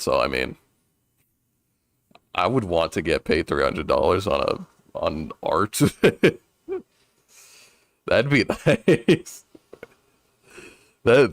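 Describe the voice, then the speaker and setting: A man's voice: a bass voice, big pitch swings, normal speed, vocal fry, dry recording, studio quality. A male streamer chatting casually during a game, rambling with restarts and frequent chuckles. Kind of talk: casual let's-play chat.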